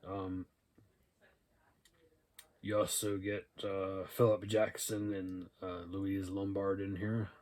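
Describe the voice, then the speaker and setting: Deep-voiced, slow and pausing often, a young man runs through the movies he found while thrifting. The haul video is casual and rambling, thick with "uh" and "um" fillers as he reads DVD titles and cast lists.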